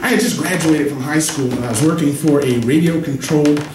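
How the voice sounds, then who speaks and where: A man's voice: fairly high pitch, a little fast. A man in his forties telling a joke and a story at an open mic, acting out the voices of the people in it. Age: 40s. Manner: animated, jokey, acts out quoted voices. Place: cafe stage at an open mic. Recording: echoey cafe, distant mic, faint noise.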